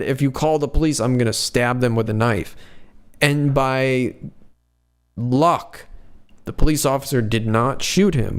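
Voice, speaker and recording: A man hosting a podcast, telling a story in a casual, rambling, profane way. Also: medium pitch. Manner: rambling, profane, lots of "like" fillers. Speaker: podcast host.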